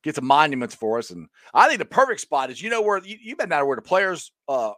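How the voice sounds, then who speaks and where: A man hosting a casual sports talk show, animated and reading viewer comments aloud. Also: a little high, fast talker, no echo, studio quality. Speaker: show host.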